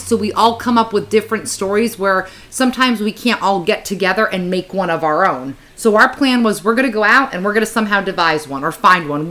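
A woman's voice: mid-range voice, pushed and bright. A woman co-hosting a podcast, chatting and telling a story casually, laughing often. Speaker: podcast co-host.

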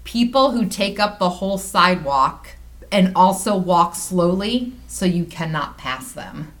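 A woman's voice: fairly low pitch, lively intonation, measured pace. A woman hosting a casual podcast chat, reading submissions and hedging as she argues the other side. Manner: hedging, plays devil's advocate. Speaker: podcast host.

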